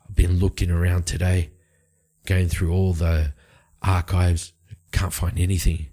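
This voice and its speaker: A man's voice: low voice, flat delivery, unhurried, dark tone. A man voicing a terse, guarded male vigilante who answers in short, clipped lines.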